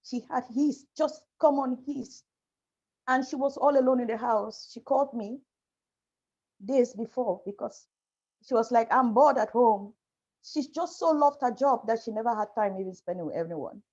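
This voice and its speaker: A woman speaking as a panel guest over a video call, halting and apologetic as she shares a painful personal story. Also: fairly high pitch, darkish tone. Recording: muffled lo-fi video call audio.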